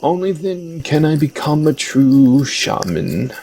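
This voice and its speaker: An earnest young apprentice shaman with a husky, unhurried voice, read out by a man. He sounds plain and determined, close to an ordinary speaking voice. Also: on the high side, sing-song, mellow, pitched above the performer's own voice, exaggerated voice, rough recording.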